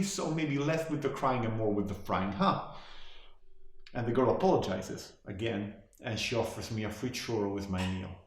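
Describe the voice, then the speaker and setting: A bitter, washed-up male horse, played by an actor, mocks his own grief in a dry, deadpan drawl. His voice sits at an ordinary male pitch. It rings around a very echoey room. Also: lightly acted. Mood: weary. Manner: sardonic, deadpan, self-deprecating. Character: cynical washed-up male horse sitcom star, middle-aged. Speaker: actor performing a eulogy monologue. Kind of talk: comic monologue performance.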